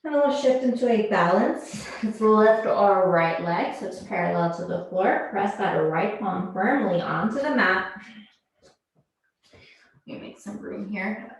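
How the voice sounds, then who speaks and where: Woman, yoga instructor, calm pose and breath cues, slow pace, very reverberant room. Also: medium pitch. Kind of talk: guided yoga class instruction. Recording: very echoey room.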